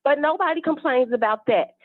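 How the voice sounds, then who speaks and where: A woman's voice: high-pitched, brisk, no room sound. A woman caller who is an evangelist, delivering a preachy, indignant rant on a call-in show. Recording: tinny phone line.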